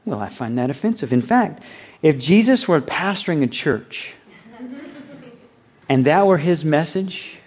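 A man's voice: fairly high pitch, animated, unhurried, long pauses, a little mellow. Conversational male pastor preaching. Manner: conversational, acts out quoted voices; reads scripture aloud. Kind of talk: sermon.

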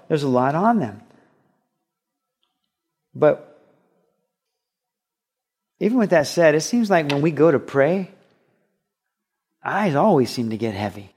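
A man's voice: medium pitch, a little mellow. A man preaching a sermon as a pastor, earnest and conversational, with touches of humor.

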